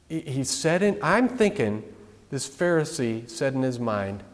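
Lively, restless man preaching in a reverberant hall. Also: mid-range voice, normal speed. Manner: conversational, lively, with frequent restarts and asides. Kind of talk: sermon. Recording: long reverb of a large hall.

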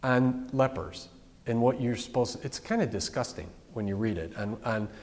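A man's voice: mid-range voice, normal speed, big-room sound. A man preaching a sermon as pastor, in a plain-spoken, conversational way.

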